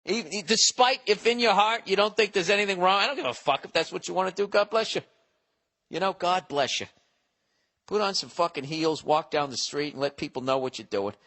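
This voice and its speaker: A man's voice: quick pace, hardly any pauses. A man in his forties hosting a solo podcast, rambling profanely. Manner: profane, rambling, animated swings in pitch and volume. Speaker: podcast host. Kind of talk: casual solo podcast rant.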